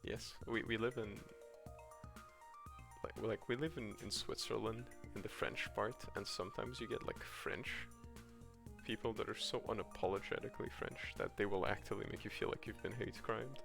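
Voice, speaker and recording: His voice is lowish and steady, with vocal fry, at a moderate pace. Streaming a cozy farming game at home over faint game music, he chats with viewers in a rambling, laugh-filled way, reacting to chat and restarting a lot.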